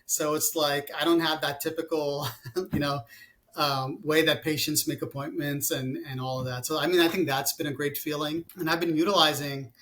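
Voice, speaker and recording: A man's voice: on the high side, steady tone, normal speed, fairly bright tone. A man in his forties, a company founder talking about his business in a casual interview, rambling with many fillers and restarts. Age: 40s.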